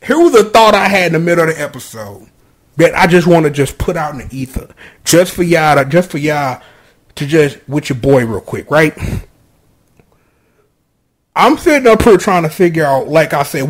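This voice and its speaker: A man with a high, bright-sounding speaking pitch talks through a TV episode on his own podcast. He slips into slang, jumps between excited bursts and low asides, and keeps a loose, animated commentary going. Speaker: podcast host reviewing a TV episode. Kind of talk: casual solo commentary.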